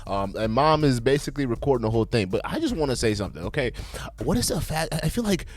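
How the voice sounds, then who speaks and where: A man hosting a reaction video, giving blunt, profane commentary and lecturing his viewers in a loose, animated way. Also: medium pitch, fast talker.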